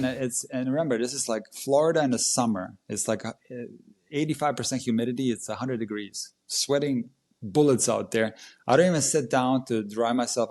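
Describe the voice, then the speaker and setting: A man's voice: mid-range voice, darkish tone. A man speaking as a tennis coach on a casual podcast, with a voice that sits in the middle range. He retells a match vividly and with animation.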